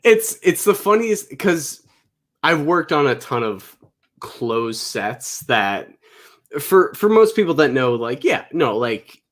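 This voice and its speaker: Canadian guy on a video call, lively swinging voice, playful and expressive. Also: on the high side, slow. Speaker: guest actor. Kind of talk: casual chat.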